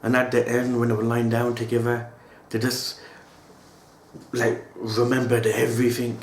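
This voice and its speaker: A man's voice: mid-range voice, completely flat delivery, moderate pace, long pauses, a little hiss or hum. A man giving an emotional reaction monologue as an anime reaction host, talking in slang and tagging his lines with a casual "yo". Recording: roomy echo.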